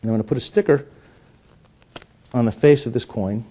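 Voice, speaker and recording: Speaking briskly in a mellow, medium-pitched voice, this middle-aged magician jokes and puns through a coin trick before teaching how it works. He frequently stammers and starts his sentences over.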